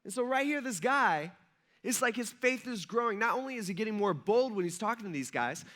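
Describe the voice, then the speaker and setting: Male church pastor, relaxed storytelling sermon, high ringing voice. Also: fairly quick. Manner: loose storytelling, retelling scripture in everyday talk with many "like"s. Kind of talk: casual conversational sermon.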